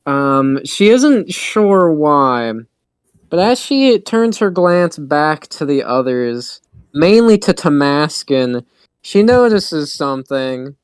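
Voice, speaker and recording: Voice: mid-range voice, big pitch swings, takes it slowly, clear, resonant tone, no room sound. A game master narrating a tabletop role-playing game, hesitant with fillers and frequent laughs.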